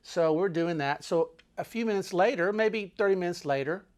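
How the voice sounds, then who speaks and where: A man's voice: high voice, moderate pace. A man telling a travel story casually, wandering off into asides and restarting his sentences. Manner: meandering, full of restarts and asides.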